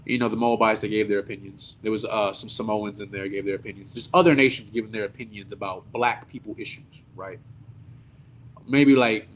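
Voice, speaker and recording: A man preaching at a service, telling a story in an animated, indignant, conversational way. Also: medium pitch, a little hiss or hum. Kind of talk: sermon storytelling.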